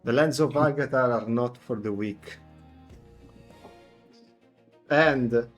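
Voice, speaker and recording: Man voicing a hardy defiant fighter, low and boastful, tabletop game. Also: unhurried, faint music behind, lightly acted.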